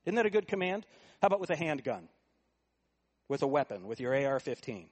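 Preacher giving a sermon. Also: male voice, very animated, brisk. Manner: rhetorical questions, swings from low asides to raised emphasis. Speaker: pastor.

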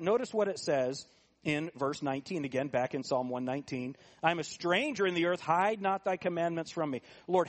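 A middle-aged man preaching a sermon, asking the congregation rhetorical questions and moving between quiet asides and raised, emphatic points. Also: a little high. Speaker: pastor.

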